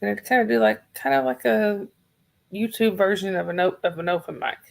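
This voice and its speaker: A woman from Georgia, chatting softly and rambling on a livestream while losing her voice. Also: mid-range voice, fairly quick, vocal fry. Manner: soft-spoken, rambling, talks to chat viewers by name. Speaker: livestream host. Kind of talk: casual livestream chat.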